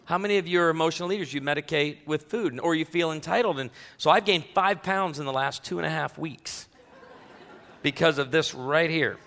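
Joking pastor, bright tone, hall echo. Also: male voice, a little high, brisk. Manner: joking, self-deprecating, conversational; talks directly to the congregation. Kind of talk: sermon. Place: church sanctuary.

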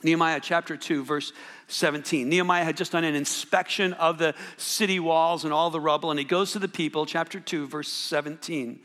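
A man's voice: fairly high pitch, steady tone, fairly quick, a bit bright, long reverb tail. A man preaching a sermon, reading scripture and telling a personal story in a conversational way, often checking in with the listeners. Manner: conversational storytelling, frequent "right?" asides and restarts. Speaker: pastor.

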